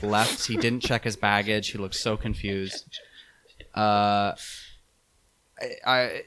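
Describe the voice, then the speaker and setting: A young man telling a travel story in a casual chat, animated and laughing, with many fillers. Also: on the low side.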